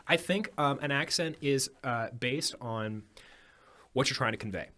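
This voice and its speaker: Podcast guest, man, mid-pitched, reflective and halting at a studio mic. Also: pushed and bright. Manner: thoughtful, hesitant, many ums. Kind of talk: casual chat. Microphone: studio microphone.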